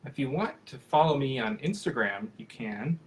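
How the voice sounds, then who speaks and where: A man in his thirties answers questions about puppetry over a video call, his voice sitting at an ordinary middle pitch. He talks in a loose, friendly ramble, full of fillers and restarted sentences. It sounds like an informal live chat rather than a prepared talk. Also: expressive, normal speed. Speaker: professional puppeteer.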